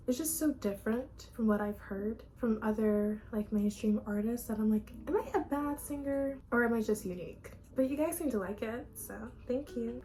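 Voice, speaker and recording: A woman's voice: mid-range voice, darkish tone, a little hiss or hum, rough recording. A young woman vlogging, telling candid, gossipy stories in a casual chat. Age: young adult. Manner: chatty, gossipy, candid storytelling.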